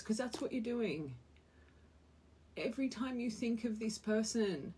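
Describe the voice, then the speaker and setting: A young woman tarot reader gives a spiritual reading to her viewers, earnest and emotional, often repeating phrases for emphasis. Her voice sits on the high side with a darkish tone, and there's a little hiss or hum.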